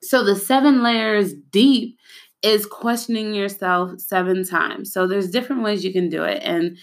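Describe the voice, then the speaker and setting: A woman's voice: mid-range voice, steady tone, a little slow, creaky. A young adult woman hosting a podcast, talking in a chatty, personal way and often addressing listeners as "y'all.". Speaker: podcast host. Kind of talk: casual podcast monologue.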